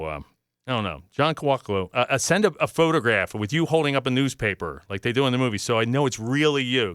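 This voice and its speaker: A talk-radio man rambles through listener emails in a lively, up-and-down voice, quick to defend himself. His tone is smooth and clear, close on a studio mic with a dry, dead room. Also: medium pitch, no room sound. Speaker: radio producer filling in as host. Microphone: studio microphone.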